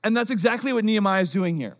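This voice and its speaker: A man, a young-adult pastor, preaching a casual sermon, dropping low and quiet for asides and rising loud for emphasis. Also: expressive, rapid-fire.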